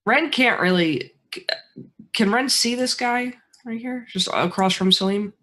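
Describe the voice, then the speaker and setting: A woman's voice: a little high, unhurried, fairly bright tone. A woman playing a tabletop game, asking questions and checking rules in a casual way. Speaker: player.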